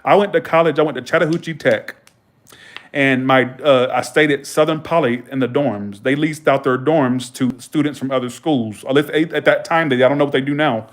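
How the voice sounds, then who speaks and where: A man's voice: mid-range voice, normal speed. A man hosting a livestream in rambling, slangy casual chat, laughing often. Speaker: livestream host.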